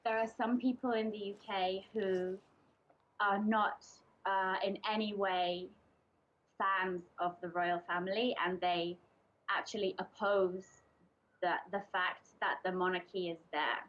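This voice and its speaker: English woman talking to a group, lots of ums, kinda muffled dull audio, middle pitch. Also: steady tone, measured pace. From England. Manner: chatty, hesitant, many ums and restarts. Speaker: presenter speaking to a group. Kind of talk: casual informal presentation. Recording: dull lo-fi recording.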